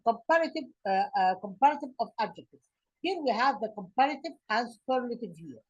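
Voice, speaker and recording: Halting, husky-voiced woman teacher. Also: fairly high pitch, lively intonation, darkish tone, highs cut off. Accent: Egyptian. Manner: halting, many fillers and restarts. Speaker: English teacher. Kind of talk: slide-based grammar lesson.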